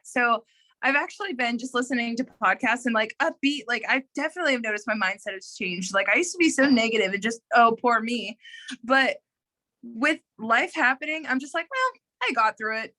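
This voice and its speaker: A woman's voice: a little high, sharp tone. A woman sharing a casual testimony over a video call, chatty and upbeat, full of "like" fillers.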